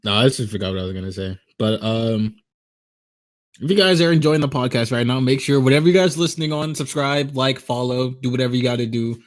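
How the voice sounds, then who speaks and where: A man's voice: mid-range voice, fairly quick, dry recording, rough recording. A young man co-hosting a podcast, laid-back and slangy, swearing casually. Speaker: podcast co-host.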